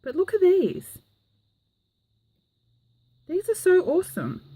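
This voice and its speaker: A very high, warm female voice swoops wildly in pitch while she speaks slowly. She's a craft vlogger showing off her mail in a casual show-and-tell vlog, gushing enthusiastically and filling gaps with "um."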